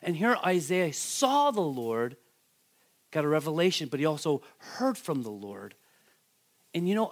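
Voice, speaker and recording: A middle-aged man preaching a sermon, animated and calling out questions to the congregation. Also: on the high side. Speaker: pastor.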